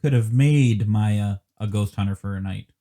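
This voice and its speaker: Gravelly low-voiced man asking questions. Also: normal speed, mellow. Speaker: player. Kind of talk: casual game talk.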